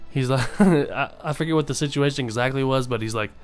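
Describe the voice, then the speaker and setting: Earnest rambling man over soft music. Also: mid-range voice, fast, smooth. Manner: rambling, earnest, many fillers and restarts. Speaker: vlogger. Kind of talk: casual motivational monologue.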